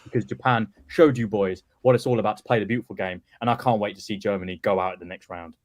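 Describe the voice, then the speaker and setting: Male pundit, fast and cheeky, dry studio sound. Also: fairly low pitch, steady tone, no echo. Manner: brash, jokey, teasing banter. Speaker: football pundit. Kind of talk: casual chat.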